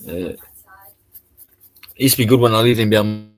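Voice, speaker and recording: A man's voice: lowish voice, normal speed, no room sound. An Australian man chatting casually on a live stream, rambling and laid-back, swearing now and then.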